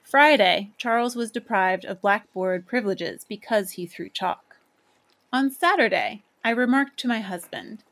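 A woman's voice: mid-range voice, fairly bright tone. Woman reading a short story aloud. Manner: measured, clear storytelling. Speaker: narrator. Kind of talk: scripted narration of a short story.

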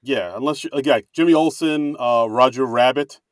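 A man co-hosting a casual comedy podcast, chatty and rambling, quick to laugh. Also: medium pitch, dry recording. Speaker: podcast co-host.

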